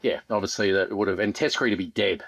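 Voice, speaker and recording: An Australian man in his fifties, a former fast bowler guesting on a podcast, telling rambling stories with dry humour and lots of ums. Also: on the low side, gravelly, fairly bright tone, no echo. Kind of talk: casual podcast chat.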